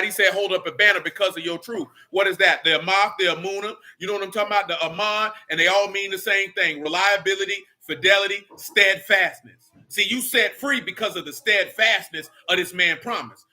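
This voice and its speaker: Guy running a bible study, talks high and real piercing, blunt and slangy. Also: a little fast, few pauses, pushed and bright. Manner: blunt, slangy, preachy rants. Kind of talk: casual Bible study teaching.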